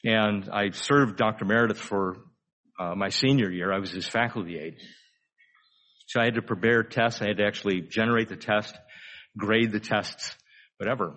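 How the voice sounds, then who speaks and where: A man's voice: fairly low pitch, normal speed, a bit bright. An older man delivering a sermon in an easygoing, conversational way. He poses frequent rhetorical questions and stretches out key phrases for emphasis. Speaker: pastor.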